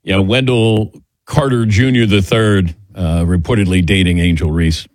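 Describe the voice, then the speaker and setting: A man hosting a sports radio show, talking relaxed while he takes calls and questions. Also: low voice, normal speed, no echo, clean studio sound. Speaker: host.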